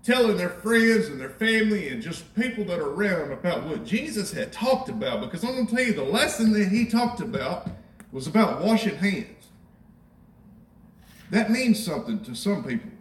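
Preaching to his congregation in a high voice, a pastor talks with them conversationally, asks rhetorical questions, and repeats phrases for emphasis. His pitch swings widely at a moderate pace. A distant mic catches him echoing through a roomy church sanctuary.

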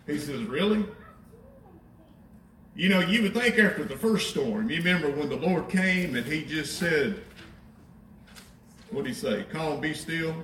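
Animated preacher in an echoey church. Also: male voice, fairly high pitch, far from the mic, a little hiss or hum. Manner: conversational, animated, wry asides. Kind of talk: sermon. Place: church sanctuary.

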